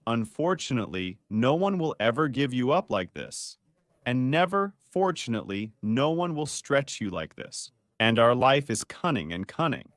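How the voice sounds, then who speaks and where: In clean studio sound with a dry recording, a doctor speaks at normal speed with a medium-pitched voice. He teaches about the spine in a lively, playful manner and quizzes his viewers.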